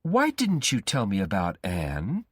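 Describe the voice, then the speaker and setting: Man voicing an obsessive young male stalker, raised pitch, pleading and threatening, storybook reading, breathy. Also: wildly swooping pitch, measured pace, dry recording, clean studio sound, heavily acted. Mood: insistent.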